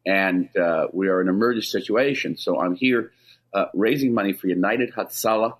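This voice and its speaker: Here an ambassador being interviewed on the radio talks a little fast in a deep voice. He is emphatic and insistent, speaking with urgency and restarting his sentences again and again.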